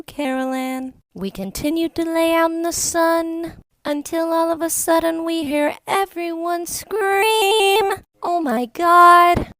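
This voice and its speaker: A woman telling a childhood story in an unhurried, wry way. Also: sits high, darkish tone, no room sound.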